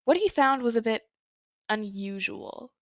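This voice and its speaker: A woman's voice: a little high, unhurried, no echo. Woman reading a story, dull dry sound. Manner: plain, even reading with small slips. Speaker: story reader. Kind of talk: reading fan fiction aloud.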